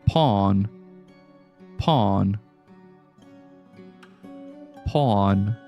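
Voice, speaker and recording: This game streamer has a lowish, darkish voice and takes his time, pausing often. He chats casually with viewers in a rambling, jokey way, laughing often, with faint music playing.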